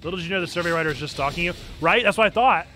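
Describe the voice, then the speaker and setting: A man's voice: high voice, very fast, pushed and bright, faint music behind. A man with a North Carolina accent, chatting playfully with his viewers while streaming a game. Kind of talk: casual gameplay stream chat.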